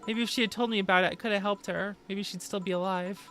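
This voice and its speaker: A woman's voice: medium pitch, fairly even intonation, quick pace, fairly bright tone, faint music behind, lightly acted. A woman voicing a weary, sardonic young woman bartender who speaks bluntly and swears when upset. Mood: regretful.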